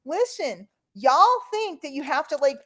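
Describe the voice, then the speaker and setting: A woman's voice: high-pitched, sing-song, measured pace, sharp tone. A woman from New York hosting an online call in casual, rambling chat. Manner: chatty, rambling, playful.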